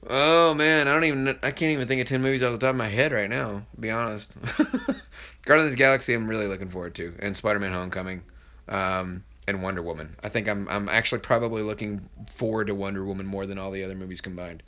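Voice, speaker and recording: A man's voice: on the low side, quick pace, bright, forceful tone. A man who is a voice actor, rambling casually and chatting through viewer comments on a live stream, often laughing.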